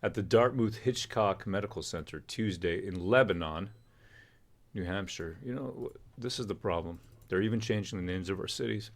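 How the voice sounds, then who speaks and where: Low male stream host, rambling joker, casual chat. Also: moderate pace. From Canada. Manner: rambling, joking storyteller. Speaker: livestream host.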